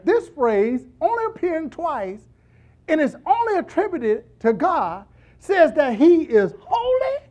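Male pastor, animated pulpit delivery with call-and-response, wide swinging pitch, builds to shouts. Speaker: preacher. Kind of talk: sermon.

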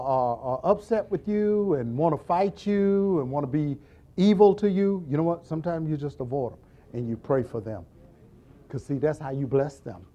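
A middle-aged man serving as a church deacon teaches the Bible with humor, his slightly high voice coming through dull audio. He animates the lesson by acting out scenes with quoted voices, joking and laughing along the way.

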